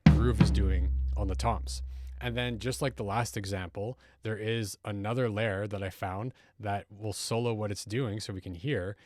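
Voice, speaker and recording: A man with a lowish, darkish voice teaches music production in a tutorial, speaking at normal speed in a steady tone. He's patient, explaining step by step and repeatedly checking in with "right?".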